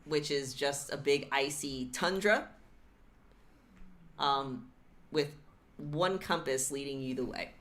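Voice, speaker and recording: A woman with a low voice runs a tabletop game over a voice call. She rambles and reassures the players, with plenty of ums and uhs along the way. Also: slow, long pauses, a bit bright. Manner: rambling, reassuring, full of fillers. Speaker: game master. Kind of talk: narrating and wrapping up a tabletop game stream.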